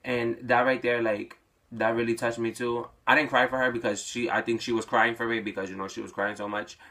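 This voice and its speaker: A man's voice: mid-range voice, little pitch movement, a little fast, sharp tone. Young man telling a personal story. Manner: casual, many fillers like "like".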